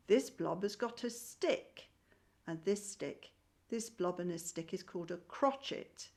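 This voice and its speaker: Woman, music teacher, unhurried, patient, encouraging, online lesson. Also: mid-range voice, darkish tone. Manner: claps and chants rhythm syllables. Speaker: primary school music teacher. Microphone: screen-shared video call.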